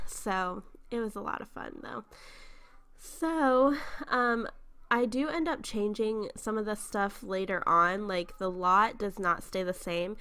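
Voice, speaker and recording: A woman's voice: medium pitch, fairly bright tone, smooth. A young woman talking casually over her game footage, stuffy and congested from a sinus infection and just out of bed, chatty, with frequent ums and small laughs. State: just woken up. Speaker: YouTuber narrating a speed build.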